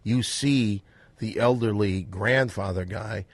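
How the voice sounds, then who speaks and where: A husky, gravelly man of middle pitch who runs the conversation. He is bossy and keeps pulling the others back on track in loose podcast banter. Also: slow pace, dry recording. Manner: bossy, steers the talk, shouts to cut others off. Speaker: podcast co-host. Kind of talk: casual comedic banter.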